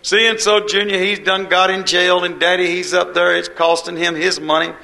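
A man's voice: high-pitched, flat delivery, normal speed, gravelly, sharp tone, rough recording. A man preaching a sermon in a folksy, homespun way, with dialect and quoted voices.

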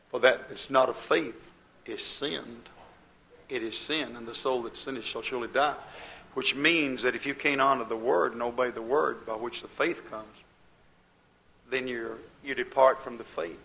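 A man's voice: mid-range voice, unhurried, creaky, pauses often, pushed and bright, rough recording. A man pastor preaching a fiery sermon, building emphasis and quoting scripture.

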